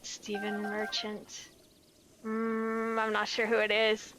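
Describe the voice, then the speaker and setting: Soft music plays behind an American woman streaming a game, her mid-range voice slow, monotone, and a bit bright. She casually chats with her audience, reads their messages, and often pauses to search for words.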